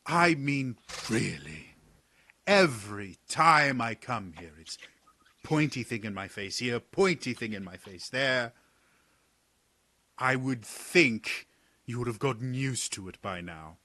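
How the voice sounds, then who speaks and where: A man's voice: medium pitch, lively intonation, slow pace, bright, forceful tone, dry recording, exaggerated voice. A man voicing a cheeky male mage who teases others and sighs theatrically. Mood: exasperated. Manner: playful, mock-exasperated, theatrical sighs.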